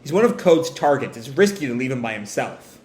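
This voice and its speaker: A man's voice: medium pitch, very animated, a little fast, darkish tone, lightly acted. Man reading a blunt cool-headed adviser. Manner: blunt, matter-of-fact. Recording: roomy echo.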